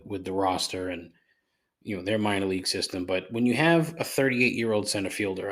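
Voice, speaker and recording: Speaking with a voice on the low side and fairly bright in tone, a man hosts his podcast by himself. It's a casual rant, sarcastic and full of cursing, with rambling tangents and plenty of fillers.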